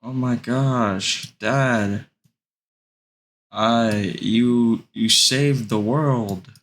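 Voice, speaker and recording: A man's voice: medium pitch, slow pace, voice pushed up, close to an everyday voice. A man doing an eager gushing teenage boy.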